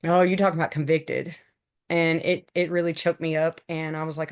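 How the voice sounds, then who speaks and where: A woman's voice: low voice, flat delivery, normal speed, smooth. A middle-aged woman giving an emotional, earnest faith testimony, telling her story with laughs and asides. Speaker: guest sharing faith testimony. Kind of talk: personal testimony talk.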